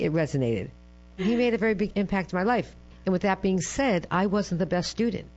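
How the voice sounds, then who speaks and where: A middle-aged woman from Massachusetts, a lively interview guest who acts out the people she quotes and keeps checking in with "right?". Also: low-pitched. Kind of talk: interview storytelling. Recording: dull lo-fi with mains hum.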